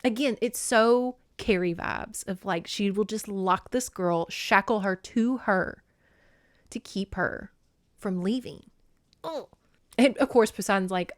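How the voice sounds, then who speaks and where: A woman's voice: medium pitch, slow, no room sound, clean studio sound. A woman hosting a podcast, recapping a book in a chatty, joking way. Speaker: podcast host. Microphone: video podcast camera.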